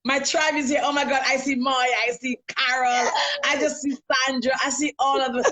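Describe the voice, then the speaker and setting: A woman's voice: sits high, little pitch movement, moderate pace, sharp tone. Brief: woman life coach, earnest and emphatic, hosting a live stream from home.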